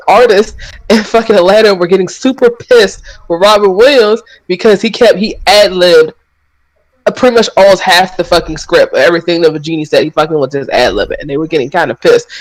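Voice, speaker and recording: A man's voice: sits high, normal speed, poor audio. A man co-hosting a casual podcast chat, rambling and swearing and correcting himself as he goes. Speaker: podcast co-host.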